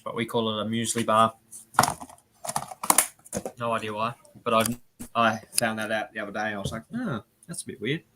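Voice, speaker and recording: A man's voice: on the low side, moderate pace, pauses often, noisy background. An Australian man hosting a casual live-stream chat, talking loosely and laughing often. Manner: chatty, laughs often, animated impressions. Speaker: live show host.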